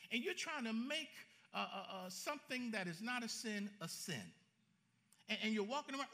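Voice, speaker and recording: A man preaching a sermon as pastor, animated and colloquial, joking with his congregation. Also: very high-pitched.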